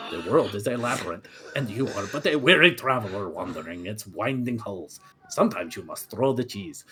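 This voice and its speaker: A man's voice: mid-range voice, pushed and bright, husky, exaggerated voice. A man doing a pompous, vain minotaur. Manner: grandiose storyteller, theatrical. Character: pompous vain male minotaur, severed head. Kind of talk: comic tabletop role-play.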